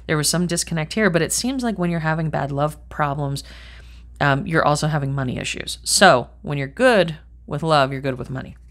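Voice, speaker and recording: Low-voiced woman reading tarot, blunt. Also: fairly quick. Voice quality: blunt, swears casually. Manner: chatty and rambling, thinks aloud. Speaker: tarot reader. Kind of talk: casual tarot reading to camera.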